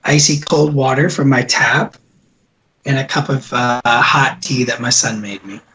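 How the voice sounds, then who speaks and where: A man's voice: mid-range voice, fairly even intonation, a little slow, background noise. A man appearing as a guest on a casual podcast video call, playful and easygoing, a bit under the weather. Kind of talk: casual chat.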